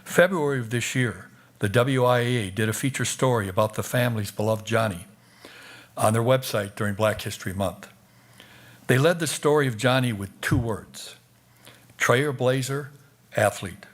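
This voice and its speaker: A man's voice: medium pitch, moderate pace. A man from Wisconsin reading a prepared, formal statement during public comment at a school board meeting. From Wisconsin, USA.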